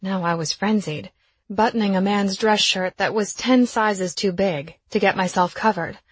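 A woman reading a first-person romance novel aloud in an intimate, breathy way. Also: mid-range voice, normal speed, dry recording. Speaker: audiobook narrator.

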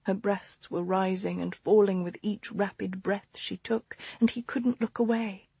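A woman reading a book aloud as a narrator, in a hushed delivery that often drops into whispers. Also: mid-range voice, steady tone, unhurried, creaky, breathy edge, dry recording. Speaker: audiobook narrator. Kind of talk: scripted narration.

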